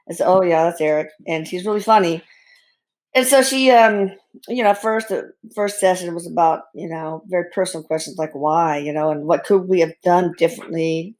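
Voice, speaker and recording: Candid and animated, a middle-aged woman with a lowish voice shares her story as an interview guest; she is a bereaved mother and a physician. She talks frankly and cuts in with blunt humor.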